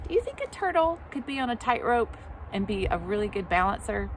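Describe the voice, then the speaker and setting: A woman teacher leading a children's phonics lesson outdoors, sounding out each letter slowly and clearly with encouraging praise. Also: a little high, animated, a little hiss or hum. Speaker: preschool teacher. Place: outdoors at home.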